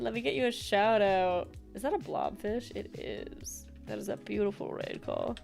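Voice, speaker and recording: A woman's voice: mid-range voice, lively intonation, moderate pace, vocal fry, hardly any pauses, a little mellow, soft background music. A woman streaming a video game, chatting casually and giggling as she plays. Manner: chatty, giggly, explains her character voices. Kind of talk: casual chat while playing.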